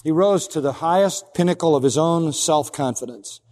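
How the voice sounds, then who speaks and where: A man's voice: on the high side, moderate pace, few pauses, a little mellow, in a large hall. A man preaching an expository sermon as pastor, emphatic, acting out quoted lines in a raised voice.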